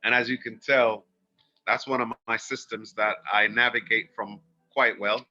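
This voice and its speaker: A man with a very bright, forceful voice gives a livestreamed oracle card reading in a soft, earnest and spiritual way. The sound is dull and lo-fi, like audio from a phone. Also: lowish voice, fairly even intonation, moderate pace, soft background music.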